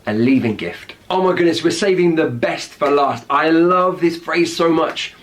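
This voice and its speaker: A British man with a British accent explains slang words one by one, upbeat and explanatory. His voice sits a little on the high side. He keeps checking in with his listeners, asking "right?" after his points. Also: fairly even intonation, normal speed, a bit bright. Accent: British English. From Britain. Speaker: English slang teacher.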